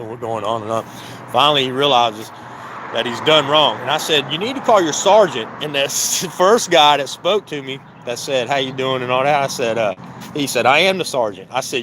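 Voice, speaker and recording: Heated and indignant, a man with a somewhat high, slightly bright voice tells the camera how police stopped him. He's a business owner recounting it outdoors by a work trailer near a building, repeating "I said" as he reenacts the dialogue. Faint traffic sounds in the background.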